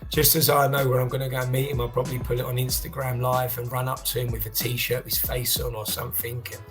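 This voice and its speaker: A chatty man from South London with a Cockney accent, speaking at a middling pitch. He talks with easy enthusiasm and leans on lots of fillers as a podcast guest. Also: level tone, fast, faint music behind. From South London, England. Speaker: podcast guest, youth football coach. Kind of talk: casual conversational interview.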